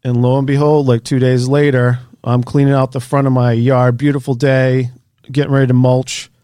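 A man in a casual interview, spinning an animated story with the odd swear word tossed in. His voice sits at an ordinary middle pitch, recorded close and dry with no room sound. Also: normal speed, smooth, no echo. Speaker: author and researcher.

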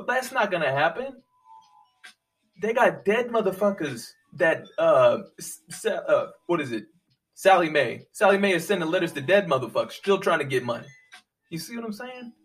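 A man ranting profanely, swinging from low muttering to loud, high-pitched outbursts. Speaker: commentator. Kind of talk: profane political rant. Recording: voice a bit far from the mic, faint music behind.

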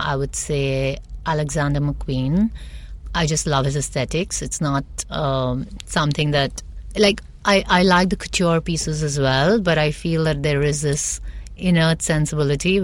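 Lady stylist from india, lowish voice, chatty, lots of uhs and ums. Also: normal speed. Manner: chatty and animated, many fillers. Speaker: celebrity stylist, guest. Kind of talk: casual interview chat.

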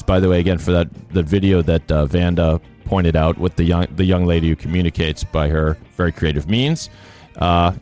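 A man with a very low voice, hosting a podcast from a studio microphone. He tells stories in a jokey, animated way and hams up the voices of people he quotes. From Boston. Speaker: podcast host. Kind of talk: casual podcast chat.

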